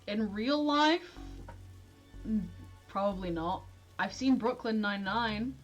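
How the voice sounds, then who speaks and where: A woman's voice: mid-range voice, slow pace, dull audio, faint music behind. A young woman streamer chatting casually and self-deprecatingly while she plays a detective game, often giggling. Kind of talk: casual gameplay commentary.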